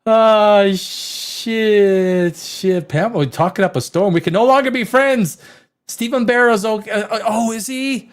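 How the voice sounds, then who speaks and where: A man hosting a rowdy live stream, loud and rambling, swearing and reading chat comments aloud, a little tipsy from wine. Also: high-pitched, a little slow. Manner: animated, swings between shouting and muttering. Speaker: live show host.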